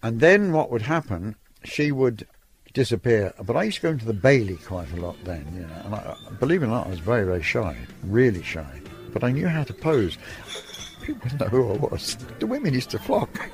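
An older Irish man, a photographer, tells stories from his career in a chatty interview, reminiscing and laughing between lines. His voice is medium-pitched and sing-song, and he talks briskly over soft background music.

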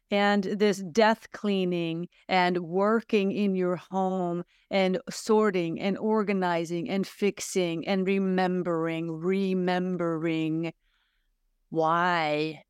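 A woman's voice: lowish voice, clear, resonant tone, no room sound, studio quality. A middle-aged woman hosting her own podcast, talking in an earnest, searching way and asking her listeners many rhetorical questions. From Sweden. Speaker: podcast host. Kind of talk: reflective solo podcast monologue.

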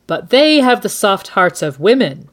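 A woman's voice: mid-range voice, sing-song, a little slow. A woman voicing a cruel, arrogant teenage boy king, reading his lines in a commanding tone. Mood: imperious.

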